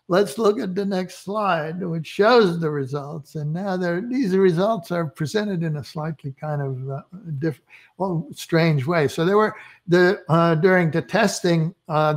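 Hesitant male lecturer, slightly high voice. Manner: hesitant, many fillers and restarts; enthusiastic about experiments, chuckles. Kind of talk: recorded lecture.

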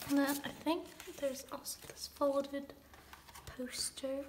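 A woman's voice: high voice, level tone, slow pace, noisy background. Gushing young woman, squealy and whispery. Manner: gushing, swings between squeals and hushed whispers. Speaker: album unboxing vlogger. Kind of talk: excited casual unboxing chatter.

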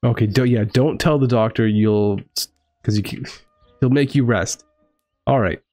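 A young man commentating a horror game live, excitable, swearing and joking to viewers. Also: medium pitch, a little slow, dry recording, clean studio sound, soft background music. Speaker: gaming streamer.

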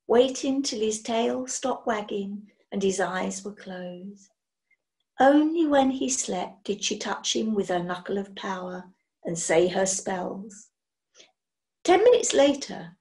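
A woman reading a children's story aloud in an expressive, animated way. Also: fairly high pitch. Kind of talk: children's book read-aloud.

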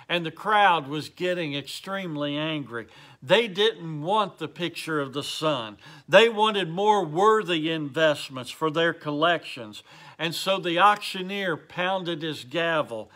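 A man teaching a Bible lesson, telling a story in an earnest, deliberate way to viewers. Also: fairly high pitch, pushed and bright.

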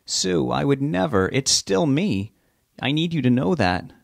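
Soft-spoken, troubled young man, read by a male narrator, slow and pleading. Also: mid-range voice, very animated, gravelly, no room sound, studio quality, voice pushed up, exaggerated voice.

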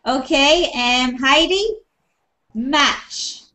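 A woman with a high voice teaches an English class over a video call. She talks in an encouraging way and repeats her praise often. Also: drawn-out words, bright, forceful tone.

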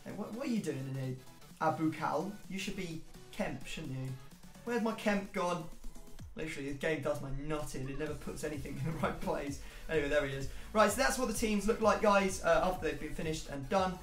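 A young man hosting a video game match with casual, excitable commentary that breaks into shouts and laughter. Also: on the high side, fairly quick, reverberant, faint music behind. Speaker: gaming YouTuber host.

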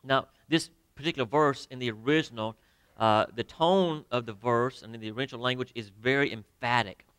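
Bright, clear-voiced preaching pastor. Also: male voice, mid-range voice, no echo. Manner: emphatic preaching, pauses and drops to near quiet; addresses the congregation directly with questions. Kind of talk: sermon. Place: church sanctuary.

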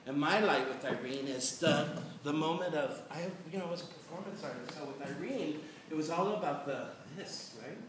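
A man's voice: on the high side, normal speed, hardly any pauses. Man telling stories in an echoey hall. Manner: animated, chatty, often checking in with "right?". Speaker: panelist. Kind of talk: storytelling on a panel. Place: large echoey hall at a panel event. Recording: echoey hall from far off, noisy.

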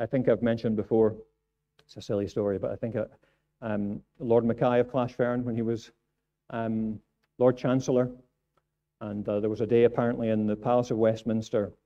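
A man's voice: mid-range voice, muffled recording. A man preaching a sermon in church, earnest and repeating phrases for emphasis. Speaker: pastor.

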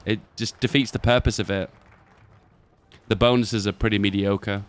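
A man's voice: on the low side, steady tone, normal speed, smooth. A man rambling and musing aloud in casual chat while commenting on gameplay.

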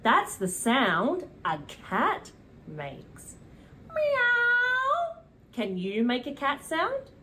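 A young woman with a British accent, presenting a preschool lesson in a slow, sing-song, animated way, with gasps and cheers. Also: a little high, a little hiss or hum. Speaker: children's presenter. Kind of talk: preschool teaching.

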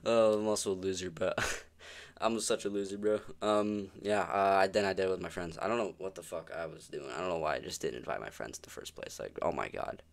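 A man's voice: sits low, a little fast, vocal fry. A young man giving casual, rambling commentary on video games, swearing often and sounding exasperated. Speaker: gaming video creator.

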